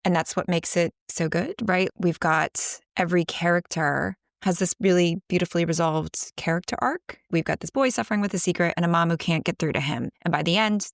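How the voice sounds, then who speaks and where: Lady podcast co-host, low gravelly voice, dry close mic, gets excited and laughs a lot. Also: a little fast, hardly any pauses, no room sound. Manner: enthusiastic, analytical, laughs often. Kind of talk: casual movie discussion.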